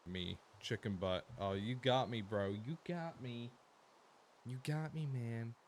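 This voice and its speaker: Streaming a game, an Australian man talks slowly and casually to his audience, cursing freely and lurching between quiet mumbling and abrupt loud bursts. A little hiss or hum sits in the background.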